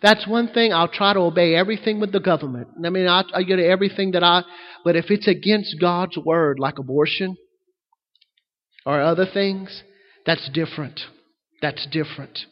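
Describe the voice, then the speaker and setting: A man preaching as a pastor, swinging between loud emphatic lines and quiet asides. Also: high-pitched, steady tone, normal speed, highs cut off. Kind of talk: sermon. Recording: long hall reverb.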